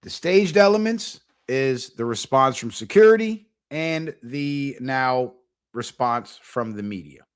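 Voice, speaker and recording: Brief: easygoing male streamer, mid-pitched, profane and chatty, recorded at home. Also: animated, slow pace, smooth. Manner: loose, profane, laughs often. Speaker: channel host. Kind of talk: casual livestream commentary. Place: at home, alone.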